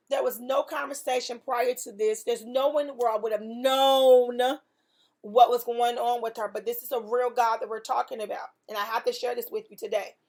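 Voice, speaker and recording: A woman hosting a faith podcast, telling a testimony in an earnest, emphatic way with preaching repetition. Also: on the high side. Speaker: podcast host.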